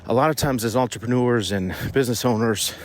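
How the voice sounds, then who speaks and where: A man's voice: mid-range voice, brisk. A man hosting a casual business podcast while on a morning walk outdoors, a bit out of breath, talking in a loose, rambling way with restarts. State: slightly out of breath from walking. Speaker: podcast host.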